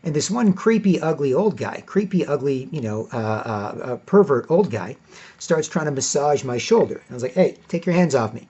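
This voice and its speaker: A man's voice: medium pitch, sing-song, normal speed, dark tone, husky. A man delivering a rambling, profane monologue, acting out the exchanges he quotes. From Canada. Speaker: commentator. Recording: dull lo-fi recording.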